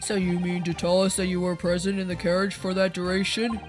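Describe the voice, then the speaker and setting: A woman's voice: fairly low pitch, level tone, a little fast, music in the background, natural voice. A woman voicing a stern, haughty male prosecutor, speaking in a formal, disdainful, clipped way. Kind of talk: reading game dialogue aloud.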